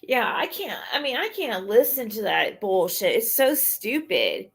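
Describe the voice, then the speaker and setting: A woman's voice: fairly high pitch, big pitch swings, measured pace, creaky, slightly rough. A woman livestreaming a casual rant to her chat, blunt and profane, sounding exasperated as she talks things through.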